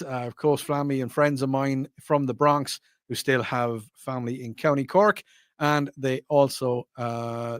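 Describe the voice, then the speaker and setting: This is an Irish man hosting a radio talk show, chatting loosely through listener texts and laughing at his own slips. His voice sits a little on the high side, and the close studio mic sounds dry and dead. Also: a bit bright, no room sound. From Ireland. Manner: chatty, self-correcting, laughs often. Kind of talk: casual radio chat reading listener texts.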